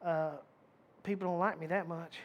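A man preaches a casual, folksy sermon in a high-pitched voice. He talks emphatically, repeats key phrases for effect and often restarts his sentences. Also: fairly even intonation, normal speed, dull audio. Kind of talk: conversational sermon.

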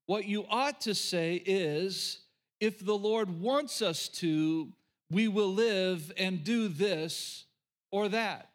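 A middle-aged pastor from rural Oklahoma delivers a sermon in a fairly high voice. He talks emphatically and repeats his key lines. Folksy asides break up the preaching. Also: slow.

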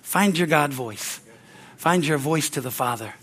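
A man's voice: on the high side, expressive, a little slow, a bit bright, breathy edge. An older man preaching a sermon as pastor, in a folksy, conversational way with frequent chuckles, speaking in a church. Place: church sanctuary.

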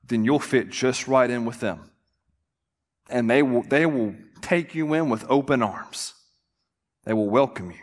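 A man's voice: mid-range voice, moderate pace. A young adult man preaching a sermon as pastor, telling a family story and acting out the voices in it. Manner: storytelling, animated, acts out quotes. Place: church sanctuary. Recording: long hall reverb.

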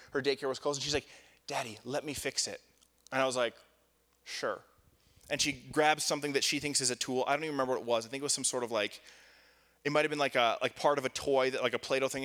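Chatty young pastor in a reverberant hall. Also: male voice, mid-range voice, a bit bright. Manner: conversational storytelling with many fillers; self-deprecating and joking. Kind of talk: sermon.

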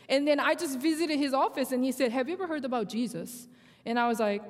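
Young Korean-accented woman, high voice, animated halting storytelling, long hall reverb. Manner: animated storytelling, acts out dialogue, halting phrasing. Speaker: speaker sharing testimony. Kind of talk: sermon testimony.

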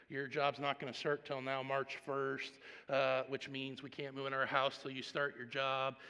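Animated preacher with a gravelly voice. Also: male voice, fairly high pitch, big-room sound. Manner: storytelling, swings from hushed to loud animated. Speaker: pastor. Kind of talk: sermon.

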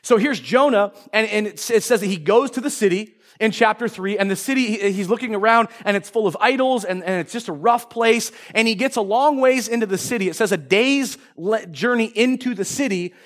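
A man preaching a sermon to a congregation as pastor, retelling a story in a lively way and acting out the characters. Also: high-pitched, a little fast, few pauses. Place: church service before a congregation.

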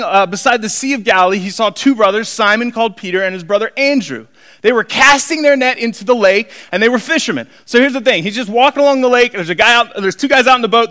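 A pastor preaching a sermon, animated, acting out quoted voices and swinging between shouting and quiet asides. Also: male voice, high-pitched.

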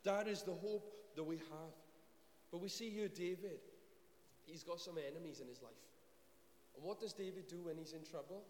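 Earnest preacher in an echoey hall. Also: male voice, a little high, moderate pace. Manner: earnest, pleading, repeats phrases for emphasis. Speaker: pastor. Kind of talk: sermon. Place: church hall. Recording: echoey hall with faint hiss.

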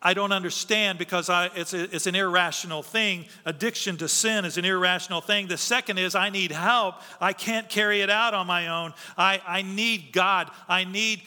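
Pastor type, man, high and very bright voice, earnest conversational preaching, hall reverb. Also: fairly even intonation, moderate pace, few pauses, clean tone. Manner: conversational, earnest, with filler restarts. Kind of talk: sermon.

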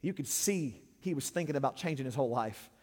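A man preaching as a pastor, plain-spoken and direct, his delivery swinging between loud emphatic lines and hushed ones. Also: mid-range voice, lively intonation, a little fast. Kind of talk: sermon. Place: church. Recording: long reverb of a church hall.

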